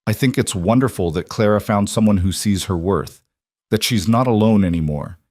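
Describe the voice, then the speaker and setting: A man's voice: fairly low pitch, normal speed, darkish tone, no echo, studio quality, lightly acted. A man voicing a frontier townswoman who stands up for the widow with resolve. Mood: resolute. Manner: earnest, resolute. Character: repentant townswoman, determined.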